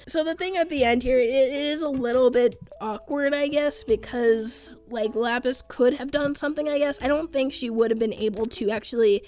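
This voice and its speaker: A young woman casually recapping and giving her opinion on a cartoon episode, chatty and quick to laugh. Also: sits high, darkish tone. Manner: chatty, laughs often, quotes characters loosely. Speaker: cartoon reviewer.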